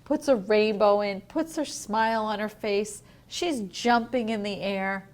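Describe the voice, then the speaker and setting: A woman teacher reading a picture book aloud to young children in a home learning video, gentle and asking the listener questions. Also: medium pitch, a little slow. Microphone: home video recording.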